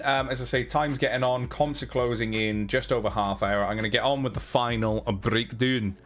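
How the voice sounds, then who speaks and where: A man's voice: medium pitch, steady tone, normal speed, hardly any pauses, a bit bright, faint music behind. A young man hosting a live stream, chatting casually with viewers in a rambling way, now and then humming little sounds. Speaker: livestream host.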